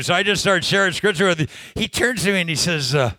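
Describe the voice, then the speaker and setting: A man preaches to a congregation in a chatty, storytelling manner, often laughing and throwing questions to his listeners. His voice is bright and a little high. The sound is dry and close. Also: animated, fast, no echo. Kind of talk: sermon with personal story.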